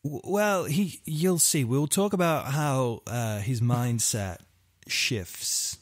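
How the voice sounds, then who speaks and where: A man's voice: mid-range voice, takes it slowly, no echo. Guy hosting a true crime podcast, rambly, lots of ums, swears a bit, dry sound. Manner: rambling, full of fillers and asides, swears casually. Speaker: podcast host.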